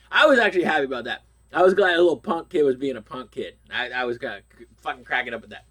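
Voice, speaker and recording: A man's voice: mid-range voice, animated, rapid-fire, fairly bright tone. A middle-aged man from Pittsburgh with a stuffy nose, ranting bluntly and swearing constantly. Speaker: vlogger. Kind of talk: profane rant.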